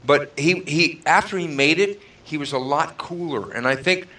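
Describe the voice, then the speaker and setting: A man's voice: on the high side, moderate pace, sharp tone, distant mic. A male guest drummer telling stories casually and quoting the dialogue of others. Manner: narrates with quoted dialogue, tangential. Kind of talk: casual storytelling.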